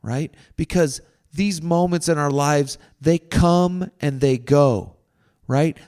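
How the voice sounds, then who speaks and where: A man talking through his feelings in a slow, wandering monologue, often asking "right?" and sometimes dropping to a soft, near-whispered voice. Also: on the high side. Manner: slow, meandering, repeats "right?". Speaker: podcast host. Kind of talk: reflective spoken monologue.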